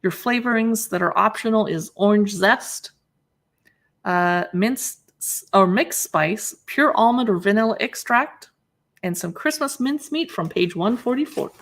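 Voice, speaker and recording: A woman's voice: medium pitch, measured pace. A woman hosting a live shopping stream, casually reading dish names from a cookbook aloud and reacting to each with short remarks. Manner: greets viewers and answers chat comments. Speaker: livestream shopping host. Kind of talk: casual livestream chat, reading recipe titles.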